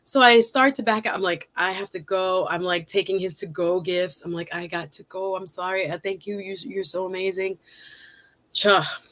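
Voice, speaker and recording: A woman, hosting a live stream and telling a story in a casual, animated way. She laughs often and acts out her own lines. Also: on the low side, moderate pace. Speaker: host.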